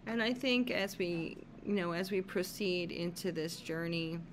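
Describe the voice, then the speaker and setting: A woman caring for her husband, shaken and worried, talking haltingly in a personal video diary with many fillers. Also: on the low side, a little hiss or hum.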